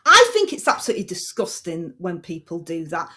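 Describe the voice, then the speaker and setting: A woman's voice: fairly low pitch, wildly swooping pitch, brisk, sharp tone, heavily acted. A woman doing a brash, blunt politician. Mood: brusque. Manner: blunt, dismissive, casual slang. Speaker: agony aunt in a comedy sketch. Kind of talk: comic impression on radio.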